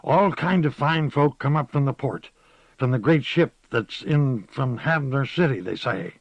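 A man's voice: mid-range voice, expressive, a little slow, vocal fry, no echo, pitched above the performer's own voice. A man voicing a sly, knowing old village witch who whispers dramatically and talks in a folksy way. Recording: slightly muffled recording.

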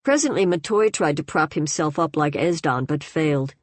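A woman narrating a novel in a measured, even way. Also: low voice, no echo. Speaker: audiobook narrator. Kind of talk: scripted narration.

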